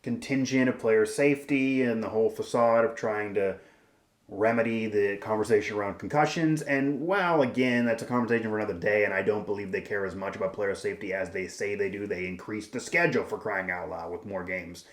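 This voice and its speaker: A man's voice: on the low side, fairly quick, roomy sound. A man hosting a sports show, giving emphatic, rambling opinion commentary with frequent restarts.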